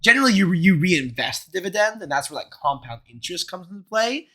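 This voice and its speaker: A young man with a high, bright voice that leaps around in pitch, chatting casually as a podcast co-host. He stumbles over his words and restarts often, laughing between lines. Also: big pitch swings, quick pace. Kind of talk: casual chat.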